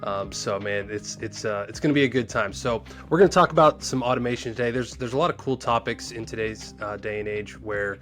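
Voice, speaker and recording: A man hosting a podcast in a loose, energetic way, with lots of fillers and restarts. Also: lowish voice, fairly quick, hardly any pauses, soft background music. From Pennsylvania. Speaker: podcast host. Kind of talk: casual podcast chat.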